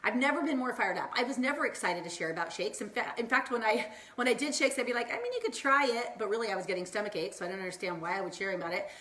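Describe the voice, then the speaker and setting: A woman's voice: medium pitch, expressive, racing, hardly any pauses, fairly bright tone, roomy sound. A woman in her thirties from Southern California chatting on a live stream, bubbly and encouraging, wandering off on tangents and acting out quoted lines. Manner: bubbly, tangent-prone, acts out quoted voices. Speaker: wellness vlogger. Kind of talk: upbeat motivational Facebook Live chat. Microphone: phone or laptop mic, live stream.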